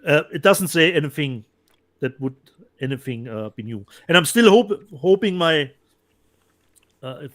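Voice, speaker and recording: Halting man co-hosting. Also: on the high side, a bit bright. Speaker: co-host. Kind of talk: casual chat about disc releases.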